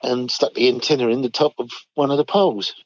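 A man's voice: mid-range voice, fairly even intonation, quick pace, dry recording. An older man, casually telling army stories and often chuckling. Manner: chuckles often, acts out quoted voices. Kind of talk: casual storytelling chat. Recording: dull dry recording.

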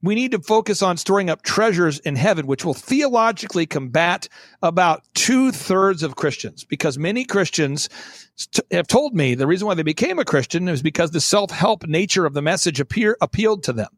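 A man speaking as an interview guest, blunt and animated, often acting out other people's lines. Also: sits high, brisk, no echo, clean studio sound. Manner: blunt, animated, acts out quotes in voices. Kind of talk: fast-talking interview.

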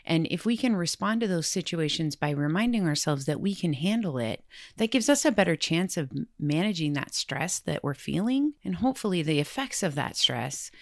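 A woman with a low voice and a gravelly edge, talking in a casual self-help podcast. She sounds earnest and reflective, and her pace picks up when she gets worked up. The sound is dry and close to the mic, with no room around it. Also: animated, moderate pace, no echo. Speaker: podcast host.

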